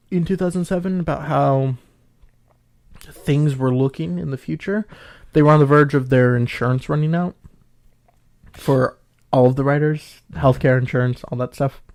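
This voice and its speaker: A man's voice: fairly high pitch, unhurried, a little mellow, smooth. Man explaining with lots of ums. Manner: explains at length with many ums. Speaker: podcast co-host. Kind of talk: casual chat.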